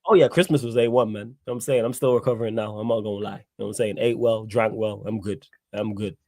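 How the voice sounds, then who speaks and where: A man's voice: on the low side, fairly even intonation, quick pace, vocal fry, a little mellow, dry recording. Laid-back man. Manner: laid-back and chatty, with street slang. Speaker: livestream host. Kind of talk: casual football chat on a live stream.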